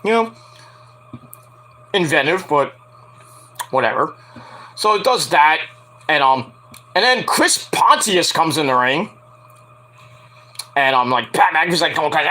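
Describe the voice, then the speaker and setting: A man's voice: sits high, very animated, moderate pace, long pauses, pushed and bright. A man giving a casual, profanity-laced solo review of a wrestling match, rambling and acting out what people said with sudden yelps.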